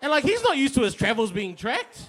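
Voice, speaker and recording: Young guy doing filthy stand-up at a pub, kinda high voice, brash and self-mocking. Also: huge pitch swings, a little fast, a bit bright, some chatter behind. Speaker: stand-up comedian. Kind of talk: stand-up set. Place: pub stage with audience.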